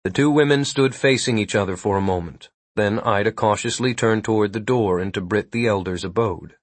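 Husky-voiced man narrating a story. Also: on the low side, fairly quick, dry recording. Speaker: audiobook narrator. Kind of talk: scripted narration.

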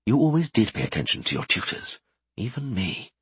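A man voicing a calm male wizard mentor who speaks in a low, hushed whisper. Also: brisk, breathy edge, no room sound, heavily acted. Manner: whispering, quiet.

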